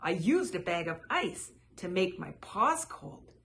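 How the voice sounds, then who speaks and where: A woman's voice: on the low side, sing-song, unhurried, fairly bright tone, slight background noise, heavily acted. A woman voicing a mischievous young male groundhog prankster who teases the others. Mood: teasing. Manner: teasing, mischievous.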